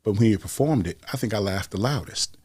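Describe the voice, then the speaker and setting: A man's voice: on the low side, animated, a little fast, darkish tone, slightly rough, no echo, studio quality. A man in a casual group chat, telling long, rambling, profane jokes and stories. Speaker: stand-up comic in group chat.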